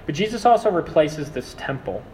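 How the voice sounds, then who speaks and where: Young guy pastor preaching, high voice, lively, acts out voices, echoey hall from far off. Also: a little fast, slight background noise. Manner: animated, acts out quoted voices. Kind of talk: sermon.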